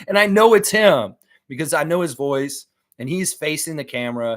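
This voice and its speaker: A man's voice: a little high, animated, fairly quick, fairly bright tone. A man hosting a live stream, chatting casually and reading viewer comments aloud between rambling thoughts. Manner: rambling, reads chat aloud, laughs often.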